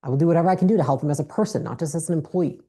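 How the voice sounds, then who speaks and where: A woman's voice: deep voice, very fast, dark tone, slightly rough. A woman giving a blunt, profane motivational business talk on stage with a handheld mic. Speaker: business speaker.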